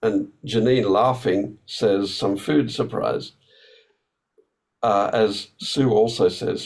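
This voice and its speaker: A man with a somewhat low voice delivering an academic workshop talk. He explains ideas in a thoughtful, unhurried way, often hesitating with fillers and breaking off to restart sentences. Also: a little mellow, poor audio. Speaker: academic speaker.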